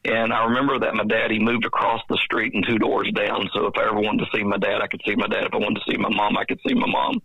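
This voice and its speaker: A man's voice: on the low side, completely flat delivery, quick pace, hardly any pauses, husky, dry recording, lo-fi sound. A Texan man in his fifties, a nonprofit executive director, earnestly telling his life story in a podcast interview. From Dallas, Texas. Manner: earnest, reflective storyteller who acts out past dialogue.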